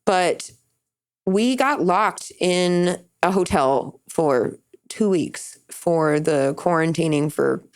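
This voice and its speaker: A young woman hosting a casual podcast chat, her speaking voice sitting on the lower side. She tells stories candidly and rambles freely. When she quotes someone, her pitch leaps well above her usual range. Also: takes it slowly, darkish tone, clean tone. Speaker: podcast host.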